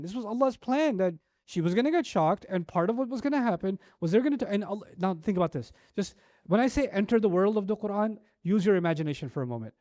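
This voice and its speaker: A man giving a sermon-style lecture on scripture. He tells the story in an animated way, with rhetorical questions and casual fillers like "like" and "you know". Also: sits high, dry recording, studio quality. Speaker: Quran teacher.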